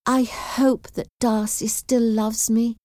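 A woman's voice: a little high, flat delivery, slow pace, dark tone, no room sound, studio quality, voice pushed up. A woman reading aloud voices a spirited young woman who speaks earnestly and firmly. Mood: sad. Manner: firm, earnest.

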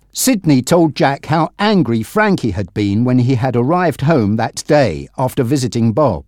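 A man reading a story aloud as narrator, slow and expressive. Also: mid-range voice, no echo, studio quality. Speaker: audiobook narrator.

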